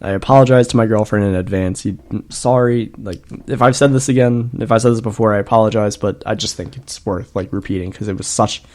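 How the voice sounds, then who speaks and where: A man co-hosting a casual podcast, his voice sitting a little low. He tells long, rambling stories full of swearing and laughs through them. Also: steady tone, a little fast, few pauses, a little mellow. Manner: rambling profane storytelling, laughs often. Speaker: podcast co-host. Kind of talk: casual chat.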